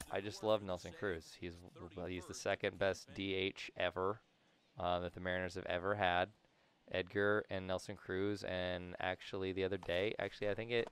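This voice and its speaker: Young man, gameplay commentary, rambling, excitable, lowish voice, sudden loud cheers. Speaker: gaming YouTuber.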